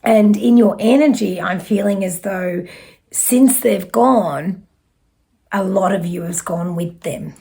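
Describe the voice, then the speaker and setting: A woman from Australia giving spiritual messages as a psychic medium, speaking slowly and gently with soft trailing phrases and small self-corrections. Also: medium pitch, vocal fry. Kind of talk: spiritual message reading to camera.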